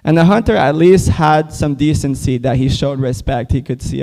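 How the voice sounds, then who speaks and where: A man's voice: a little high, moderate pace, creaky, few pauses, warm tone. A man speaking at a temple, giving a casual class on scripture with many "like" fillers. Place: temple hall.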